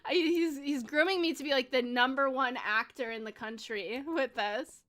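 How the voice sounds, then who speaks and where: A woman's voice: high-pitched, normal speed, fairly bright tone, soft background music. A woman in her twenties chatting casually on a gaming livestream, bubbly and giggly, rambling with lots of fillers. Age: 20s. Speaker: streamer.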